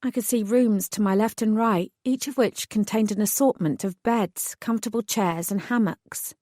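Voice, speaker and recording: A woman narrating a first-person fantasy audiobook in a wry, expressive storytelling manner on a close mic. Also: mid-range voice, normal speed, no room sound. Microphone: close studio mic.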